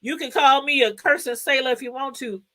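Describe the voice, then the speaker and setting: Animated high-voiced middle-aged woman host. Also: fairly quick. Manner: animated, chatty, laughs often and greets viewers by name. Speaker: YouTube commentary host. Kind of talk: casual commentary to viewers.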